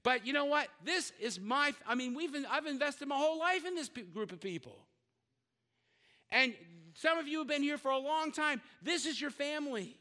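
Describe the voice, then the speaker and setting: An older man preaches with a very high, forceful, ringing voice. He talks to his church in a loose, chatty way, throws in joking asides and stumbles over repeated words. His voice carries a long reverb, as if it rings through a church hall. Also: lively intonation, normal speed. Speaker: pastor. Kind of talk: sermon.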